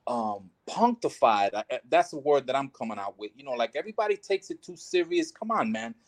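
A man's voice: medium pitch, sing-song, a little fast, no echo. A man chatting casually, laid-back and laughing often, using street slang. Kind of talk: casual banter.

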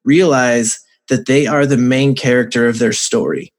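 A man's voice: mid-range voice, steady tone, normal speed. A man, a father and coach, explaining his faith-based coaching earnestly with many fillers as a podcast guest. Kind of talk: casual interview talk.

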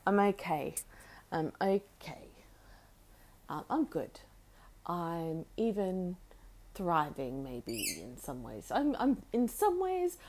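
Woman, casual solo podcast host, rambling and halting, sweet baby talk to a pet bird, recorded at home, faint background noise. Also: mid-range voice. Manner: rambling, halting, with restarts and soft laughs.

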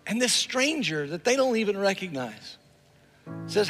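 A male pastor with a high, sing-song, slightly bright voice tells a story during a sermon, unhurried, repeating words for emphasis and acting out the people he quotes. He's in a church hall before a live and online audience, and the recording has long reverb from the large space along with faint music.

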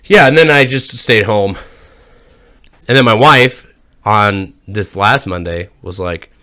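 A man's voice: fairly low pitch, slow, sharp tone. A man co-hosting a crude podcast, telling stories casually with heavy swearing and putting on voices for the people he quotes. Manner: profane, storytelling, mimics others in quotes. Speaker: podcast co-host.

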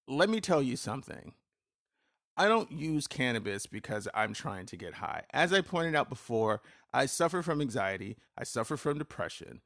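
A man's voice: mid-range voice, big pitch swings, normal speed, a bit bright, dry recording, clean studio sound. A man hosting a solo podcast. He talks bluntly, swears freely, and rambles with restarts and fillers. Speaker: podcast host.

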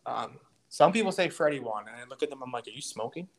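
A man's voice: mid-range voice, expressive, fast talker. Profane young man on a podcast. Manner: profane, blunt, trash-talking. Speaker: podcast host. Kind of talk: crude casual chat.

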